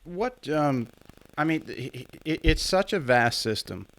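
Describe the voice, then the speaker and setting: A man with a gravelly, creaky voice, hosting an interview podcast. He asks long, winding questions, hesitating and restarting as he goes. The sound is dry and close, with no room around it. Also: fairly high pitch, animated, a little slow, no echo. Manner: hesitant, repeats words and restarts his questions. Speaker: podcast host.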